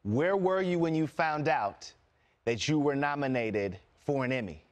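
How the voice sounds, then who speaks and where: A man's voice: on the high side, expressive, a little slow. A man hosting an entertainment show, interviewing a guest over a video call in an enthusiastic, chummy way and laughing often.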